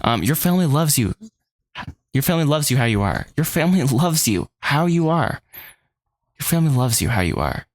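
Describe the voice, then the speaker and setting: A man reading the lines of a gentle young woman who is comforting a friend, speaking earnestly into a desk microphone. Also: mid-range voice, sing-song, a little fast, no echo, pitched above the performer's own voice. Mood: reassuring.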